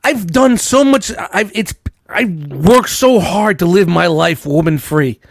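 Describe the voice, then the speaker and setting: A man's voice: high-pitched, animated, unhurried, gravelly, no echo, clean studio sound. A man hosting a casual chat show, joking and teasing his co-hosts and swearing freely. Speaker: host. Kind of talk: casual banter.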